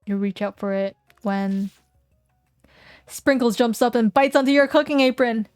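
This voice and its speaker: A woman's voice: a little high, unhurried, smooth, dry recording, faint music behind. A young woman streaming, reading a game aloud, playful and joking with chat on a close mic. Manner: playful and giggly, jokes with chat. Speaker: vtuber streamer.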